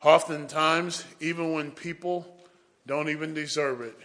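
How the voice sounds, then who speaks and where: A man's voice: on the high side, steady tone, a little slow, fairly bright tone. A man preaching a sermon, telling folksy stories and often saying "boy".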